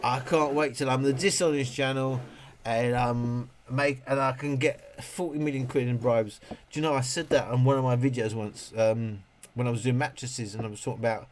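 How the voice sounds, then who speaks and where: A man's voice: mid-range voice, steady tone, normal speed. A man hosting a casual livestream, rambling and joking while he moans and swears. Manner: rambling, joking, moaning with frequent laughs and swearing. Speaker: livestream host reviewing speakers.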